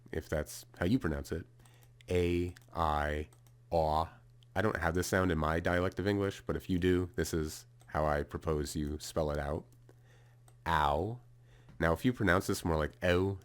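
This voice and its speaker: Very deep-voiced man explaining casually. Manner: casual, thinking aloud, fillers and restarts while sounding out runes. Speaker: video creator explaining a rune spelling system.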